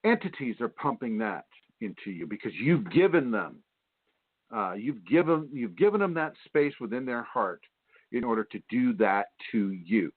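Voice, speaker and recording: A man's voice: medium pitch, big pitch swings, normal speed, no echo. A man hosting a spiritual radio show, talking in a rambling, repetitive, preachy way with many fillers. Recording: tinny phone line, dry.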